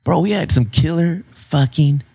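A man's voice: fairly high pitch, expressive, unhurried, darkish tone, slightly rough. A man, co-hosting a casual podcast in a laid-back, slangy, profane way. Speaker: podcast co-host. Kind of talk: casual chat.

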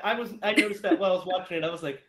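Animated high-voiced man in an echoey room. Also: rapid-fire, a loud crowd. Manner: animated, laughs often, recaps plots. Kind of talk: casual movie discussion.

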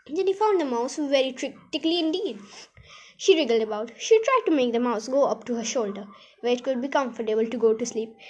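A woman reading a children's chapter book aloud in a lively, expressive way, with some slips and restarts. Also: high voice, breathy edge. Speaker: audiobook reader.

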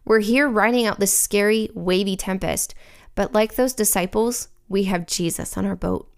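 A woman's voice: mid-range voice, normal speed, clear, resonant tone. A woman giving an earnest, reflective scripted devotional reading. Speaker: devotional speaker.

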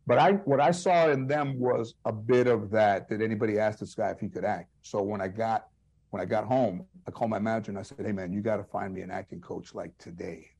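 Husky-voiced man telling comedy stories. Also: fairly low pitch, a little fast. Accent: Chicano English. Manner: animated anecdotes with quoted voices, frequent restarts. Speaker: guest comedian. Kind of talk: storytelling interview.

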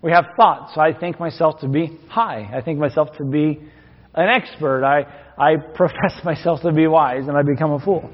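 A man's voice: fairly high pitch, normal speed. A man preaching a sermon as pastor, folksy and joking between readings from scripture. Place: church sanctuary. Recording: long hall reverb, dull lo-fi sound.

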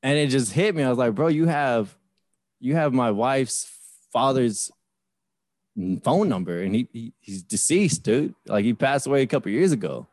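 A man's voice: medium pitch, moderate pace, dry recording, studio quality. A man in his thirties, a podcast host, telling a story in casual chat and acting out the voices of the people in it. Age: 30s. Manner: animated retelling with voiced quotes.

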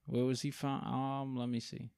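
A young man in casual, profane chat who rants with heat and an animated delivery. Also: mid-range voice, normal speed, vocal fry, clear, resonant tone, no room sound, clean studio sound.

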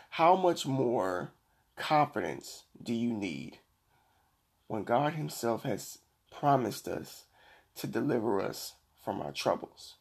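A middle-aged man hosting a Christian devotional podcast, preaching earnestly and slowing down to read scripture. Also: mid-range voice, sing-song, gravelly, breathy edge. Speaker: podcast host.

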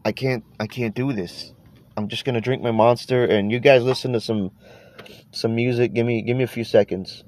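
A podcast host speaks in a mid-range, darkish voice at normal speed with fairly even intonation. Congested and nasal from allergies, he sounds tired on his casual show, rambling and swearing as his sentences trail off.

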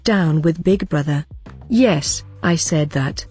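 A woman's voice: sits low, takes it slowly, warm tone, husky, faint music behind, full character voice. A woman voicing a frightened middle-aged man who pleads, blubbers and turns sanctimonious, in an audiobook reading. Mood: confiding. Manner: blubbering, servile, then sententious.

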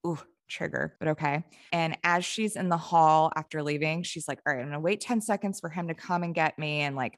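A woman's voice: on the low side, dry recording, clean studio sound. A woman co-hosting a podcast, recapping a TV episode in a chatty way, with "like" in almost every sentence. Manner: chatty, heavy use of "like". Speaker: podcast co-host.

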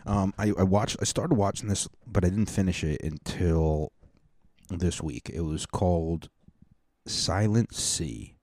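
Profane rambling man, low mellow voice. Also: unhurried, dry recording. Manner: rambling, profane, mock-ranting. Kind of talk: casual monologue.

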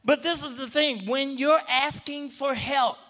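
A man preaching a sermon, drawing words out for emphasis and building up to shouts. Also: extremely high pitch, measured pace, big-room sound.

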